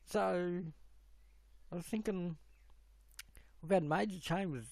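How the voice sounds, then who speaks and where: Middle-aged man hosting a live stream, slow and meandering, slightly high voice, close dry sound, thinks aloud as he works the controls. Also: creaky, darkish tone, no room sound. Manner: talks to himself while fiddling with the stream settings. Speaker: livestream host. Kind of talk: rambling live-stream chat.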